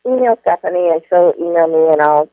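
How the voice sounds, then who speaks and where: A woman's voice: fairly low pitch, lively intonation, brisk, no room sound. A woman trainer giving a webinar talk, rambling with many fillers and restarts. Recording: dull lo-fi online audio.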